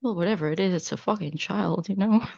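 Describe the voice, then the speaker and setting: A woman's voice: medium pitch, quick pace, creaky, darkish tone, slightly rough, muffled recording. A woman player chatting casually at a tabletop game, laughing and swearing freely.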